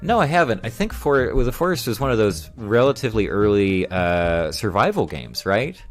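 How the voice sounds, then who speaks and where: A man with a deep, low voice chats casually on a live stream, reading viewer comments aloud and chuckling as he rambles. Faint music plays quietly underneath. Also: sing-song, normal speed. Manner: rambling, reads chat aloud, chuckles often.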